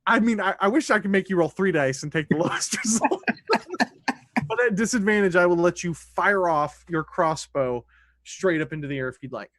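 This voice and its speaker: A man's voice: high-pitched, a little fast, a bit bright, dry recording. A man running a tabletop game as dungeon master, narrating loosely with restarts. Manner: loose, conversational rulings with restarts.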